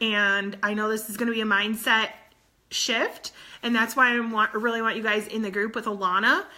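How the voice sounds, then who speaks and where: A woman in her thirties speaks as a coach to her team, earnest and near tears. Her voice is bright and forceful and sits a little high. She leans on repetition to drive each point home. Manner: earnest, tearful, repeats phrases. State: close to tears. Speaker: fitness coach. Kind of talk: emotional motivational talk to her team.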